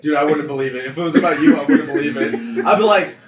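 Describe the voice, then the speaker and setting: A man's voice: on the high side, animated, fast, over a noisy crowd. A young man co-hosting a podcast, telling a story casually, acting out quotes and laughing often. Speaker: podcast co-host. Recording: roomy, distant, dull lo-fi mic with faint noise.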